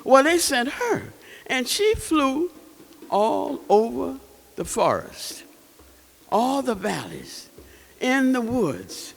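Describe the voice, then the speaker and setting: A man with a high, lively voice tells a folktale at an unhurried pace, asking his listeners questions along the way. He is heard in an event hall with long reverb. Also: vocal fry. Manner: animated, asks the audience questions. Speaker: storyteller. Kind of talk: folktale told to a live audience.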